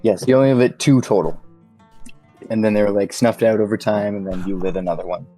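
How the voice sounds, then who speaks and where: A man narrating a tabletop game as game master in a calm, measured way. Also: lowish voice, soft background music, rough recording.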